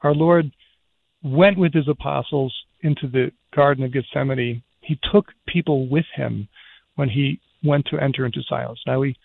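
A man speaking as a priest guest on a radio talk show, earnest and reflective, with a gravelly voice. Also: medium pitch, steady tone, moderate pace, no room sound. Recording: tinny phone line.

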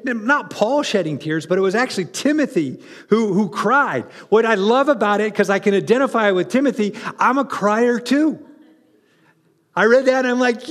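Brief: pastor, man, high voice, lively conversational preaching, long reverb of a church hall. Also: moderate pace. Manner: animated, conversational, with restarts and asides to the congregation. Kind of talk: sermon.

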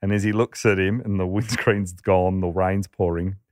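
A man's voice: deep voice, steady tone, moderate pace, no echo, studio quality. An Australian man telling a rowdy anecdote in casual chat, laughing often and acting out the voices of the people in it. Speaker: podcast storyteller.

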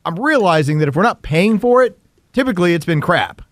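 A man's voice: sits high, animated, a little fast, dry recording, clean studio sound. A man co-hosting a podcast, teasing his partner and laughing often in casual banter. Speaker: podcast co-host.

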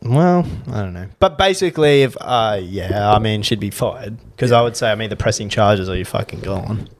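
A man's voice: fairly low pitch, lively intonation, normal speed. A man co-hosting a casual podcast, blunt and crude in his reactions. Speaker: podcast co-host.

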